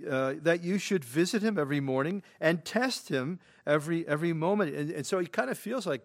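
A middle-aged man preaching a sermon as pastor, talking conversationally with many asides, shifting from hushed tones to loud emphatic bursts. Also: fairly high pitch, animated, fairly quick, hardly any pauses. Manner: conversational, repeats himself, frequent "you know". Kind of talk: expository sermon.

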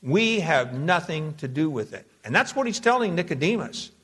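Slow, deliberate preacher man, higher voice. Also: big pitch swings, fairly bright tone, slightly rough. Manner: measured teaching, slows to dwell on key words; reads scripture aloud in King James wording. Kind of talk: expository sermon.

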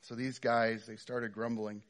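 A man's voice: medium pitch, little pitch movement, a little slow. A middle-aged man preaching a sermon in a conversational way, with frequent fillers and restarts. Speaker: pastor.

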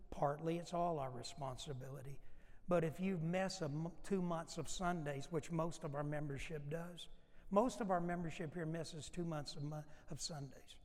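A man's voice: fairly high pitch, normal speed, a little mellow. A man pastor preaching an emphatic sermon and acting out Bible dialogue. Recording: long hall reverb.

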